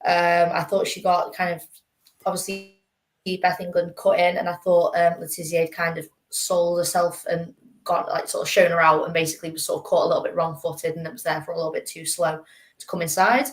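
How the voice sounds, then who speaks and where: A woman's voice: on the low side, level tone, a little fast. A woman on a fan panel, talking football casually and hesitantly, with lots of fillers. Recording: echoey room.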